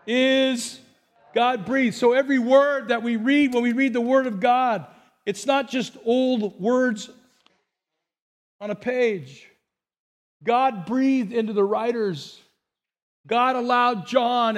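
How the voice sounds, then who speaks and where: A man preaching a sermon as pastor at a church service, earnest and often repeating words as he starts a phrase. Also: very high voice.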